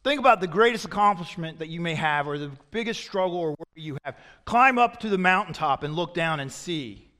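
A man with a high voice delivers a sermon like a story told to friends, leaning hard on some lines and dropping almost silent on others. His words echo with the long reverb of a large church sanctuary. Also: lively intonation, brisk, hardly any pauses. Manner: conversational storytelling, swinging between loud emphasis and hushed asides. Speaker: pastor.

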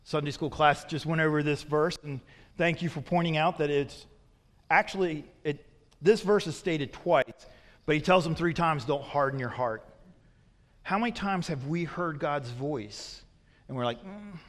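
A preaching pastor in a reverberant hall. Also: male voice, on the high side, normal speed. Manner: asks the congregation repeated rhetorical questions; grows forceful and emphatic when warning. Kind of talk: sermon. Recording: long reverb of a large hall.

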